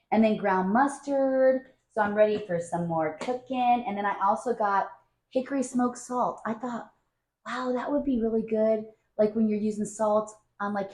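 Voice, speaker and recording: A middle-aged woman chatting excitedly about her grocery haul at home, with lots of fillers. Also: mid-range voice, echoey room, low-quality recording. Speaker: vlogger. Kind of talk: casual grocery haul chat.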